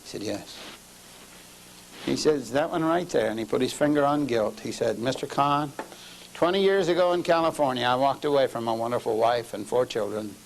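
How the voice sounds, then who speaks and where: A middle-aged man preaching a sermon, telling a story and dropping to low murmurs before raising his voice for emphasis. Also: normal speed, creaky, slight background noise, poor audio.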